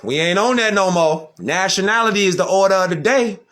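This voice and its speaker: A man's voice: sits high, brisk, a bit bright, faint music behind. A man talking in a casual, slangy monologue, emphatic and full of rhetorical questions. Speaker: vlogger.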